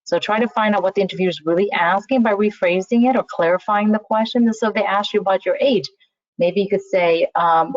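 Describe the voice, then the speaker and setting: Quick-paced and mid-range in pitch, a woman recruiter chats casually through a webinar on interview skills, peppering her talk with "you know" and sentence restarts. The video call recording is dry and slightly muffled.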